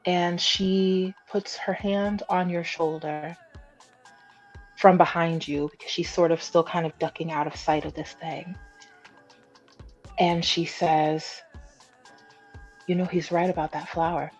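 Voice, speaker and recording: A woman running a tabletop role-play game as game master, narrating slowly with many pauses and fillers. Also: lowish voice, flat delivery. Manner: slow, musing narration full of fillers. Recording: dull lo-fi stream audio with faint music.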